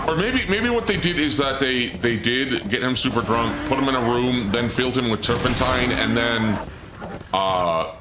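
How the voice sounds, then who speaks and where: A man in a mid-range voice gives casual gameplay commentary to his chat, rambling through a story with frequent trailing off and restarted sentences. Background noise and music can be heard behind him.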